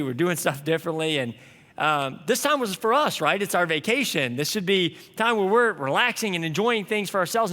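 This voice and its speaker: A man's voice: on the high side, sharp tone, in a large hall. A young man preaching a sermon, telling a story in an earnest, conversational way. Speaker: pastor.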